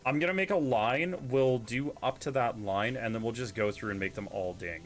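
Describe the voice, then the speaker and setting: A young man with a Canadian accent chatting casually while streaming a game, playful and quick to mimic accents. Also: mid-range voice, soft background music. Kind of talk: casual gaming chat.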